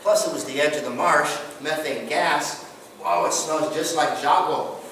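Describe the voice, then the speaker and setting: A man presents to a live audience, telling stories and asking the listeners questions in a folksy manner. He is far from the mic in a very echoey room, and steady noise runs behind his voice. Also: a little high, a little slow. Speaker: guest presenter on tribal culture. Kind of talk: storytelling talk to a group.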